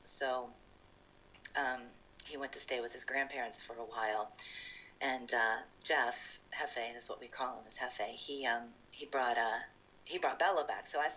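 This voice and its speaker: A woman from Ohio telling her story in a casual interview, chatty and animated, often acting out past conversations with fillers and restarts. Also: extremely low pitch, rough recording. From Ohio, USA. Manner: frequent fillers and restarts, laughs while telling.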